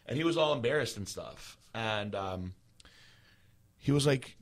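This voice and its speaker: A man's voice: mid-range voice, expressive, measured pace, pauses often. A man in his thirties telling a personal story in a casual, rambling way, full of fillers. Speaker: podcast host.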